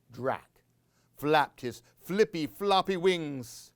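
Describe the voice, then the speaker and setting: A man reading a children's picture book aloud as a library storyteller, playing with sound words and dropping into hushed whispers. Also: mid-range voice, very animated, very slow, no room sound, studio quality.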